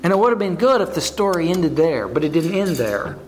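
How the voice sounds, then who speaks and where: A man's voice: on the high side, sing-song, fairly quick. A man preaching a sermon, telling a story with repeated words and questions put to his listeners.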